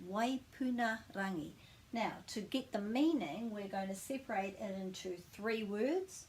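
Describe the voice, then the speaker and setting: A woman giving a pronunciation lesson, modelling each sound slowly and repeating it. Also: fairly high pitch, expressive. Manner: slow, drawn-out modelling of sounds with repetition. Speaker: language teacher.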